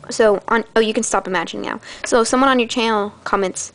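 A woman's voice: on the high side, steady tone, fast talker. A teenage girl hosting her own channel, chatting in a bubbly, rambling way with dramatic gasps. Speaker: channel host. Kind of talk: casual vlog chat.

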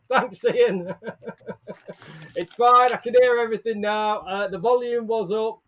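A man chats live to his viewers in a bright, high-pitched voice. He is upbeat and casual, calling out names from the chat and laughing easily between greetings. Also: takes it slowly, long pauses. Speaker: livestream host. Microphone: headset or earbuds with desk mic.

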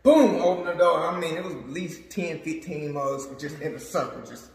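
A man's voice: on the high side, normal speed. A man in his thirties telling a funny story in casual chat, laughing often and acting out the voices. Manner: animated, laughing a lot, acting out quotes. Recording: very echoey room.

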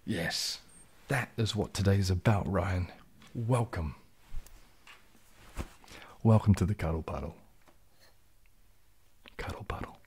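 A man with a low, husky, mellow voice chats softly on a relaxed ASMR livestream. He rambles gently through viewers' questions and sometimes slips into a whisper. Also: slow pace, pauses often. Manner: relaxed, rambling, drops into whispers, reads chat aloud. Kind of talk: casual soft-spoken livestream chat.

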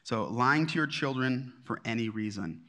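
A man's voice: medium pitch, normal speed, bright, forceful tone. A middle-aged man teaching a marriage class at church in a conversational, self-deprecating way, with many fillers and restarts. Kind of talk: casual teaching talk.

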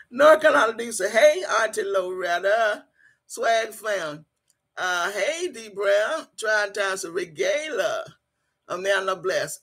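A woman chats casually on her livestream and reads viewer comments aloud. Her voice is husky and bright. She teases playfully and stretches her hellos into a sing-song. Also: mid-range voice. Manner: playful and teasing, laughs often, drawn-out sing-song greetings. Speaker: livestream host.

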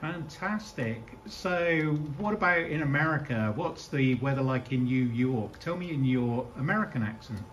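A man's voice: mid-range voice, lively intonation, normal speed, hardly any pauses, muffled recording, a little hiss or hum. A man asking a robot questions in a casual, friendly and direct way. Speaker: interviewer testing a robot.

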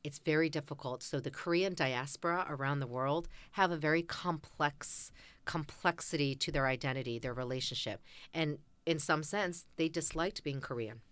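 A woman's voice: sits low, moderate pace, clean tone. A woman in her fifties with an American accent, telling stories animatedly as a therapist guest. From United States. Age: 50s. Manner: animated storyteller acting out quotes. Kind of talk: conversational interview.

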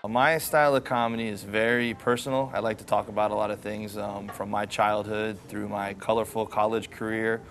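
Low-voiced man in a relaxed interview. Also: brisk, hardly any pauses, a little hiss or hum. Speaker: comedian. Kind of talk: interview answers.

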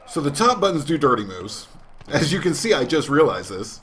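A man's voice: a little high, very animated, fairly quick, a bit bright. A man commentating a wrestling video game as a let's play host, joking in a mock announcer way. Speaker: gaming channel host.

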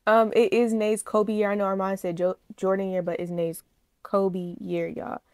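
A woman reaction vlogger in a casual chat to her viewers, speaking, animated, gushing and emotional. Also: mid-range voice, moderate pace, smooth, no room sound, clean studio sound. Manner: chatty, animated, addresses viewers as y'all.

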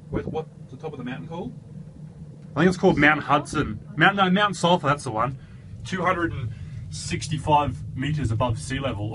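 A chatty, excitable man narrates a travel vlog into a handheld camera. His voice sits at an ordinary pitch. Steady wind and engine noise run clearly under the recording. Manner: chatty and excitable, with mild swearing. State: out of breath. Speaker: vlogger. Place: outdoors on a mountain and in a gondola cabin. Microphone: handheld camera mic. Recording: noisy outdoor camera audio.

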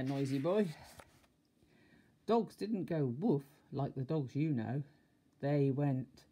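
Older grandmother reading a storybook aloud, low and warm, with lively asides to a child. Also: breathy edge.

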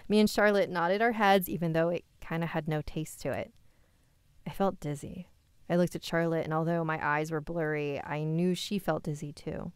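A woman reading a listener's scary story aloud, with quick asides of her own. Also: sits low, steady tone, clean tone, no echo.

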